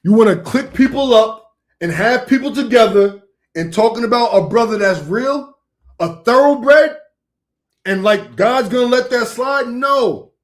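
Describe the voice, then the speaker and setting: A man talking in an informal vernacular, ranting confrontationally on a livestream and calling out a rival directly, repeating himself. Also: very high-pitched. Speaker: online preacher. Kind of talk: heated livestream rant.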